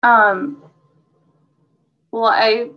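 A woman's voice: a little high, fairly even intonation, very slow. Hesitant woman on dull lo-fi audio. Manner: hesitant, searching for words. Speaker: podcast host receiving a reading. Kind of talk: casual conversation.

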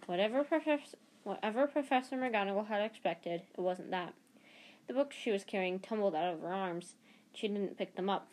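A woman reading a novel aloud, narrating at a steady pace. She stumbles now and then and corrects herself. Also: mid-range voice, moderate pace. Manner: steady reading with small restarts.

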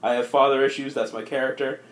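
A man co-hosting a casual comedy podcast, rambling through a movie pitch with lots of fillers. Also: steady tone, fast. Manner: rambling, filler-heavy, jumps into silly voices. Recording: echoey room.

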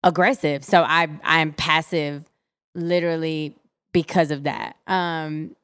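A woman's voice: low-pitched, fairly even intonation, slow pace, fairly bright tone, clean tone, no room sound. A young adult woman co-hosting a podcast, talking candidly in casual chat and laughing often. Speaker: podcast co-host.

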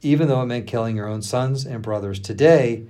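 A male pastor reading scripture aloud on a podcast, acting out the quoted speech and pausing for the odd aside. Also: mid-range voice. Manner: expressive reading, acting out the quotes with laughs between.

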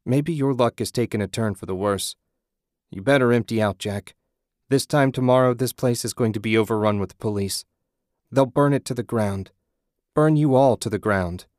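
A man reading an audiobook, voicing a young woman yelling hard and defiant. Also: medium pitch, normal speed, dry recording, studio quality, close to an everyday voice.

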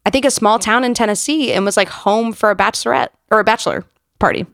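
Animated woman telling a story. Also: medium pitch, fast, gravelly, no echo, clean studio sound. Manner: animated storyteller, quotes people in voices. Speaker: podcast co-host. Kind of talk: casual chat.

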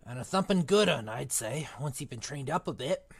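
A book-club reader voicing a big, rough-spoken half-giant gamekeeper, reading the lines aloud in a fairly plain voice. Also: medium pitch, expressive, moderate pace, no room sound. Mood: gruff. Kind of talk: amateur read-aloud of a novel.

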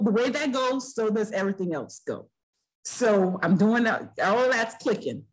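A woman's voice: medium pitch, rough recording. A woman guest on a podcast, talking earnestly and repeating phrases as she builds her point. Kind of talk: casual podcast interview.

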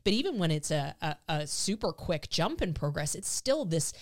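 A woman's voice: deep voice, big pitch swings, normal speed, few pauses. A woman hosting a casual dog training podcast, talking with enthusiasm, often restarting her sentences, her voice quivering with emotion. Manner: enthusiastic, emotional, repeats words when starting sentences. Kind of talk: casual chat.

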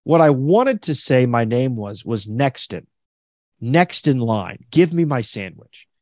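A man's voice: medium pitch, sing-song, a little slow, darkish tone, dry recording, studio quality. A man hosting a podcast in casual chat, telling stories animatedly and acting out other people's lines. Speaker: podcast host.

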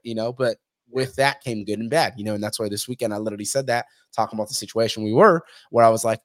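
A man's voice: mid-range voice, fast, dry recording, studio quality. Blunt, foul-mouthed man telling stories. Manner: blunt, heavy swearing; animated storytelling, acts out others' lines. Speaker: podcast guest. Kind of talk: casual interview talk.

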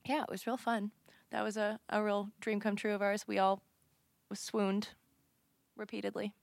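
A woman's voice: medium pitch, flat delivery, moderate pace, gravelly, dry recording. A woman guest from a band, chatting casually and laughing with the host. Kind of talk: casual interview chat.

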